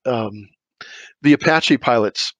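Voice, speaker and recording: A man's voice: medium pitch, slow, a bit bright, no room sound. A middle-aged man telling war stories as a podcast guest, rambling through restarts and asides. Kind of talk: casual storytelling.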